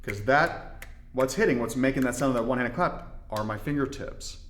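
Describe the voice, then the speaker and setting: Relaxed man teaching drum technique. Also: medium pitch, moderate pace, echoey room, a little hiss or hum. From Indiana. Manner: relaxed, explanatory, folksy asides. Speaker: darbuka teacher. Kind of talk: instructional demonstration.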